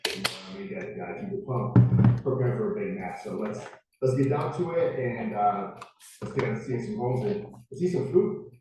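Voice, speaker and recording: A man's voice: medium pitch, big pitch swings, moderate pace, lightly acted. A man playing an impatient, hungry young homebuyer who hits the gym, asking confused questions in a real estate role-play. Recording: roomy distant clip, faint noise.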